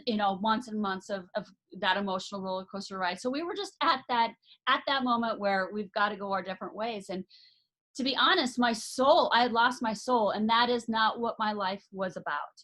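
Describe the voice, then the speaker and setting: A woman's voice: fairly high pitch, fairly bright tone. A woman, an author and life coach, telling a personal story as a podcast guest, earnest and emphatic, often restarting her sentences.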